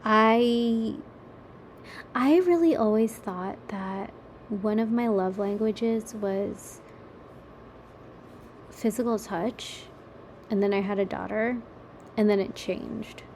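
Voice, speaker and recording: Slow-talking woman rambling on her podcast. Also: mid-range voice, darkish tone, slight background noise. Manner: chatty, rambling, swears casually, laughs at herself. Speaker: podcast host. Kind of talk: casual solo podcast ramble. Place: kitchen table at home.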